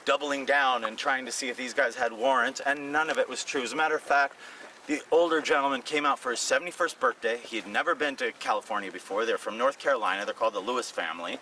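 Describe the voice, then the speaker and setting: A man's voice: mid-range voice, quick pace, far from the mic, a little hiss or hum, rough recording. A comedian telling stories in casual talk on a city walk, acting out the voices of the people he quotes. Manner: animated, acts out quoted voices. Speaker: comedian and podcast co-host. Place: outdoors on city streets.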